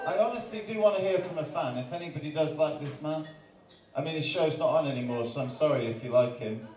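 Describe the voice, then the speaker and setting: A man from Wales performs rhyming poems live at an arts-centre gallery night, his fairly high voice punching out the rhythm and breaking into relaxed, joking patter between pieces. He stands back from the microphone, so the sound is distant and bounces around an echoey room. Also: quick pace. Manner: rhythmic rhyming recital broken by jokey chatty asides. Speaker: performance poet. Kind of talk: live spoken-word performance.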